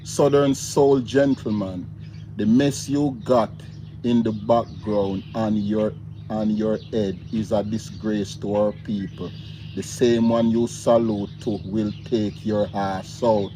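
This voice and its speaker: A man's voice: fairly low pitch, little pitch movement, slow pace, noisy background. A man with a Jamaican accent hosting a casual livestream, greeting viewers by name and laughing easily. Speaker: livestream host. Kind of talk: casual live chat reading viewer comments.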